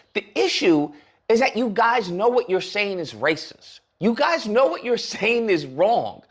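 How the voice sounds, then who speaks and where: A man giving heated, sarcastic commentary on a livestream, ranting at length. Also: high voice. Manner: heated, sarcastic, speaks in long rants. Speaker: political commentator.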